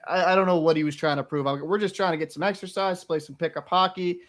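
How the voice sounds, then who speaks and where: A young man co-hosting a casual podcast, telling stories in a profane, animated way. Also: sits high, quick pace. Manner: profane, animated storytelling, swears a lot. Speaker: podcast co-host.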